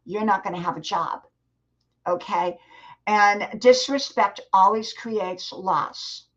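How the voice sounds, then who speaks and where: A woman's voice: medium pitch, slow pace, fairly bright tone, lo-fi sound. Older woman giving earnest live-stream advice. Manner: earnest, advising, addresses chat viewers directly. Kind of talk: motivational live stream talk.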